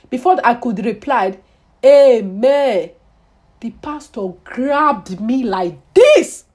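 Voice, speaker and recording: A young woman tells a personal story to her vlog audience. Her voice sits high and swings widely in pitch. She repeats words and phrases over and over for dramatic emphasis. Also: a little mellow. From Nigeria. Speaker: vlogger.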